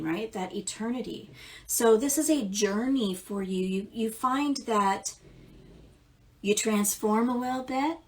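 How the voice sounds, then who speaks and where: A woman giving casual live tarot readings, chatty and affectionate, calling listeners darling and baby and swearing now and then. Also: mid-range voice. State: amped up. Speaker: tarot reader.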